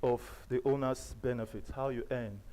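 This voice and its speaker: A man with a Nigerian accent giving a live seminar talk, emphatic and repetitive, jumping between loud bursts and quiet asides. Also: mid-range voice, fairly even intonation, moderate pace, low-quality recording. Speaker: seminar speaker. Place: seminar venue.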